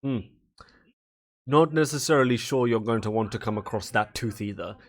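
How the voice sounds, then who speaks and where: A man's voice: mid-range voice, lightly acted. Man playing a musing god of stories. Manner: measured, musing. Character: male god of stories, calm and amused.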